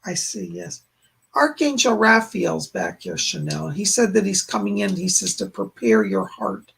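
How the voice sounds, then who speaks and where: A hoarse man hosting a live-stream psychic reading, relaying spirit messages in looping "he said" phrasing and thanking viewers effusively. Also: a little high, a bit bright. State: hoarse, voice giving out. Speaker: psychic medium, stream host.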